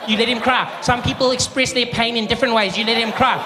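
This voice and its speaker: A man doing a meddling woman who scolds and insists. The voice is pitched well above his own and carries a firm, lecturing tone. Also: fairly even intonation, fast, in a large hall, a crowd in the background, background noise. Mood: scolding. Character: scolding middle-aged woman bystander.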